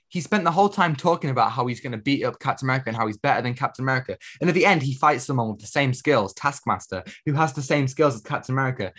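A man's voice: medium pitch, a bit bright, husky. A man co-hosting a podcast, chatting casually about a film and leaning heavily on "you know" fillers. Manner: rambling, heavy use of "you know" fillers. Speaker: podcast co-host. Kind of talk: casual film review chat.

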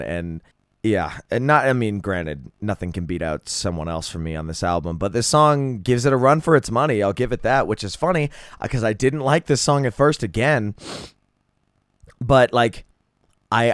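Deep-voiced man gushing about music. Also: lively intonation, moderate pace, no room sound, clean studio sound. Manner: enthusiastic, rambling, swears freely. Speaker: podcast host. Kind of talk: casual solo music review.

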